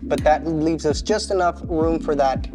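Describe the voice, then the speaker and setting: A casual home mechanic explains each step out loud as he works. His voice sits a little higher than most men's, and he keeps things loose and self-mocking. Faint music plays softly behind him. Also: measured pace. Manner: chatty, self-deprecating, talks to himself mid-task. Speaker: home mechanic channel host. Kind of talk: casual how-to narration while working.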